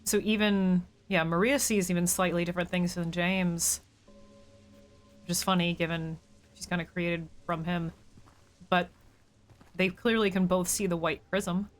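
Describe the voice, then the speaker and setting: A woman's voice: lowish voice, flat delivery, measured pace, long pauses. A woman streamer chatting casually as she plays, thinking aloud and talking to her viewers. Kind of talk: casual gameplay commentary.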